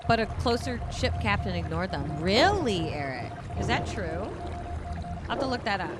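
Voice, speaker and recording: Chatty woman streamer over loud music. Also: mid-range voice, big pitch swings, moderate pace. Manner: chatty, profane, rambling, reads chat aloud. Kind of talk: casual chat reacting to a video.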